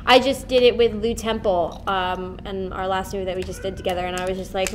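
A young actress chatting and giggling through a convention panel Q&A, with lots of fillers. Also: female voice, mid-range voice, flat delivery, a little fast, few pauses, a little hiss or hum. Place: convention hall.

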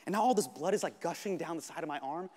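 A man in his thirties doing animated stand-up storytelling on stage. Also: a little high, fast, long reverb tail. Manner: animated, expressive, shifts between shouting and hushed. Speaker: stand-up comedian.

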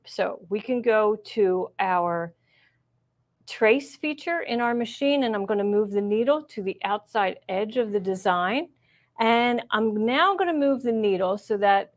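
A middle-aged woman teaching a live machine embroidery demonstration, chatty and encouraging as she narrates each step. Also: medium pitch. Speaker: embroidery instructor. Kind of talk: live-streamed sewing demonstration.

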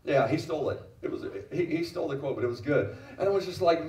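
A middle-aged pastor with a slightly high, darkish-toned voice talks fast as he preaches in a church sanctuary. Emphatic, he repeats phrases and questions the congregation, heard in roomy audio recorded from a distance.

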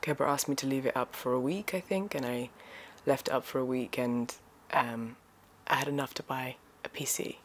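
Woman vlogger, very low voice, halting and emotional delivery, sincere direct-to-camera thanks. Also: a little hiss or hum. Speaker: voice actor and YouTuber. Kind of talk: heartfelt thank-you vlog.

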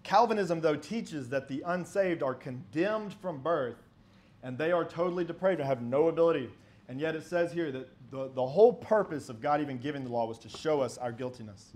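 Man, high voice, preacher, emphatic sermon, rhetorical questions, reads scripture aloud. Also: a little fast, a little mellow.

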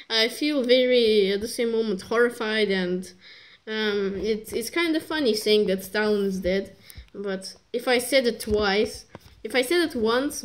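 A woman reviewing a strategy game in rambling, joking commentary that keeps interrupting itself. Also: mid-range voice. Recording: noisy recording with clicks.

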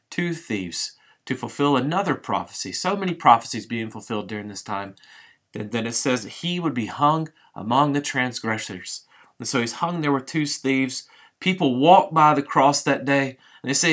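A middle-aged man, a pastor, giving a devotional sermon as a vivid, dramatic retelling that slows down for emphasis. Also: mid-range voice, fairly bright tone.

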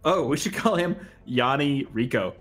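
A joking man banters on a live game stream, pitching silly ideas and reading chat messages aloud. His voice sits at an average pitch for a man. Faint music plays behind the chat. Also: lively intonation, moderate pace, a bit bright. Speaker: streamer co-host. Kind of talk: casual live-stream chat over gameplay.

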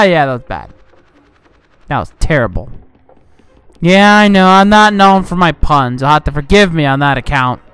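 A young man giving casual, rambling commentary over a game he is playing, getting frustrated and yelling at enemies. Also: on the high side, sing-song, moderate pace, pauses often, clean tone, no echo. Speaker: gaming channel host. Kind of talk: casual let's play commentary. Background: game music.

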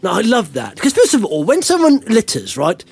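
A man hosting a podcast, talking in an animated, ranting way and laughing often. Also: sits high, normal speed, vocal fry, breathy edge. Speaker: podcast host. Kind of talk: casual chat.

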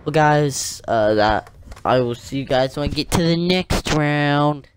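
Young male gamer narrating his match, excitable and jokey, slow drawn-out delivery with sudden yelps. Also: a little high. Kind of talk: gameplay commentary. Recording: faint gunfire and game noise. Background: gunfire from the game.

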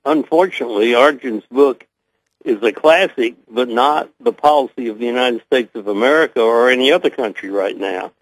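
An older man with a Southern US accent, a guest answering interview questions slowly, with many pauses and fillers. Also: medium pitch, no room sound, poor audio. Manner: hesitant, many uh fillers, measured.

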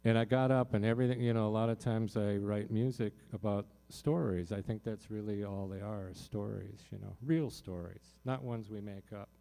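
A man with a lowish, mellow voice tells a personal story to a live audience from a concert stage. He talks loosely and from the heart, stacking up fillers and restarts as he goes. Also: steady tone, moderate pace, creaky, few pauses. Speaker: singer-songwriter performing in concert.

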